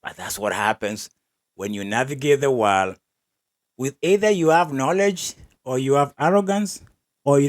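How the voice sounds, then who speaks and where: A man hosting an athletics podcast, giving wry, opinionated commentary and laughing between remarks. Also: mid-range voice. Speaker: podcast host.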